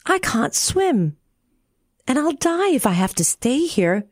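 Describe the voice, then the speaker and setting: A woman's voice: very animated, unhurried, darkish tone, dry recording, clean studio sound. A woman voicing a weepy little girl. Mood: frightened. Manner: high, pleading, tearful. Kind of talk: storybook reading.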